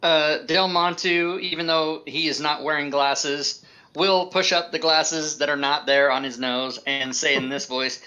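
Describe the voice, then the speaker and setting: A man at a tabletop game, describing what his character does with quick, playful asides. His voice is sharp and very bright. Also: on the high side, fairly even intonation. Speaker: player.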